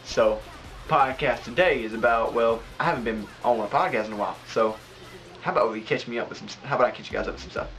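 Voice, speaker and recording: A man's voice: mid-range voice, fast, fairly bright tone, soft background music, poor audio. A young man hosting a casual podcast from a home studio, telling stories in a rambling, laughing way. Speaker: podcast host.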